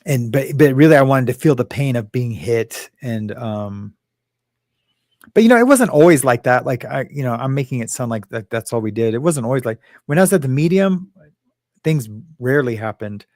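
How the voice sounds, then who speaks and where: A man's voice: mid-range voice, expressive, moderate pace, a little mellow, no room sound, studio quality. A man hosting a casual talk show, rambling and emotional, with many fillers and restarts. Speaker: host.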